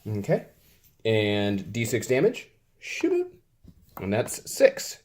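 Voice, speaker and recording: Man narrating his dice rolls, slow and chatty. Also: fairly low pitch, sing-song. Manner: chatty, playfully exasperated, sound effects while rolling dice. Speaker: tabletop wargame player. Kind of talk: casual play-by-play of a tabletop game.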